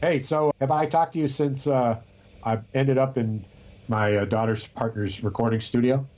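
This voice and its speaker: A man's voice: mid-range voice, fairly even intonation, normal speed, a little mellow, highs cut off. A man co-hosting a podcast in casual chat, rambling and telling stories with frequent restarts. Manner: rambling, restarts often, storytelling. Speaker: podcast co-host.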